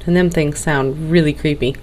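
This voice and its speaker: A woman's voice: low-pitched, steady tone, moderate pace, darkish tone, a little hiss or hum. Tired, tongue-tied Southern woman. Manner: rambling, tongue-tied, nervous. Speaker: game tutorial narrator. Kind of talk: casual screen-recorded walkthrough.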